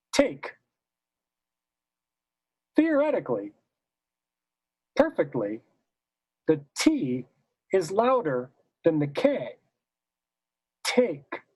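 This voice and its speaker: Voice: mid-range voice, mellow, husky, dry recording, low-quality recording. A choir director unhurriedly teaching diction, saying each example word the wrong way and then the right way. The voice sits in a middle range and sounds close and dry, with almost no room around it. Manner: demonstrates by saying example words both wrongly and correctly; explains patiently, stepping through points one by one. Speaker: choral conductor and clinic leader. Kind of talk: recorded teaching seminar.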